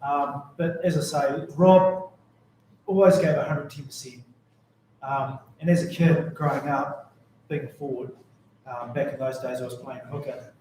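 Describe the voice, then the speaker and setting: A man with a New Zealand accent shares rambling, humorous stories in a memorial speech. His voice sits at a middle pitch for a man. The recording is very echoey, with a faint hum of ambience behind him. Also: fairly even intonation, measured pace, warm tone. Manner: rambling, jokey anecdotes. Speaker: mourner giving a tribute. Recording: very echoey room.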